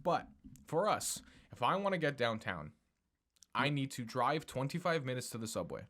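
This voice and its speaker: A man co-hosting a casual podcast, talking in animated bursts, swearing often and laughing. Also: medium pitch, moderate pace. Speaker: podcast co-host.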